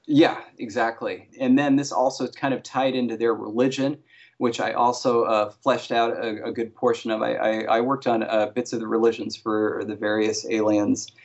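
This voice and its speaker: A man's voice: mid-range voice, little pitch movement, normal speed. A man who consults on invented alien languages for a TV series, answering interview questions casually with many restarts and fillers. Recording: dull lo-fi sound.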